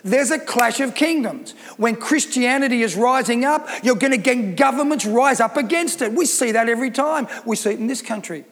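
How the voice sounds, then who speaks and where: A woman's voice: on the high side, expressive, normal speed, few pauses, long reverb tail. A woman pastor preaching a sermon, reading scripture aloud, explaining it, and putting emphatic rhetorical questions to the congregation.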